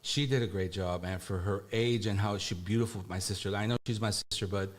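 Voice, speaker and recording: Relaxed, low-voiced man being interviewed. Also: a little fast. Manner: relaxed, rambling, many fillers. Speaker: musician guest. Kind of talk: casual interview.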